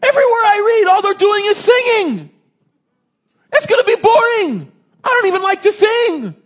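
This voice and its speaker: A man voicing a worried, earnest five-year-old boy in a high, strained, childlike whine. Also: lively intonation, normal speed, a bit bright, dull audio. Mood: whiny.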